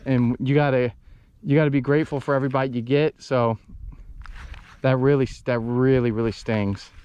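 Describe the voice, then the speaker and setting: A man's voice: mid-range voice, darkish tone, a little hiss or hum. A man, vlogging while fishing from a boat in a marsh, rambling and frustrated as he talks to viewers. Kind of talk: casual outdoor fishing vlog.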